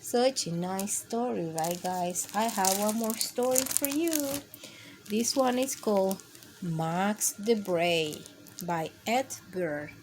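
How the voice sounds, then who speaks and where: A woman reading picture books aloud to children with a gentle, expressive storytime manner. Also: mid-range voice, takes it slowly, noisy background. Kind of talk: read-aloud storytime for kids.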